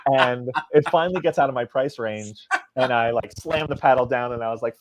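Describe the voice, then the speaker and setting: A man's voice: medium pitch, a little fast, noisy background. A man, a comic book writer guest in a podcast interview, telling a casual anecdote and acting out the quoted dialogue. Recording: dry, dull lo-fi sound.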